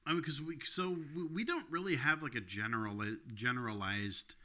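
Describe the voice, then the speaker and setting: Podcast co-host, male, very bright tone, rambling delivery full of fillers and laughs. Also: mid-range voice, moderate pace. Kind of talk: casual chat.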